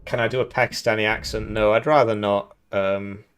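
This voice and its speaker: A man's voice: fairly low pitch, steady tone, fairly quick, fairly bright tone, clear, resonant tone. A man from the United Kingdom giving casual, rambling commentary on a strategy game tournament, chuckling often and answering chat questions.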